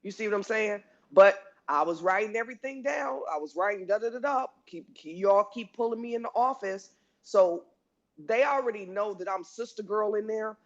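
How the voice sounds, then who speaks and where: A woman telling workplace stories in a casual, animated way, often restarting sentences and acting out what people said. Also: mid-range voice, normal speed. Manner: animated, with many restarts and acted-out quotes. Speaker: guest speaker. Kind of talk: casual storytelling. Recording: lo-fi online audio room.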